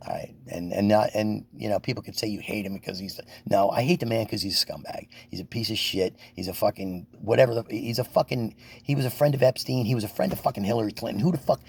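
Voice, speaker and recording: A man's voice: low voice, vocal fry, a little mellow, husky. A man delivering an angry, profane, rambling political rant to his viewers, with lots of restarts. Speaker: First Amendment auditor vlogger.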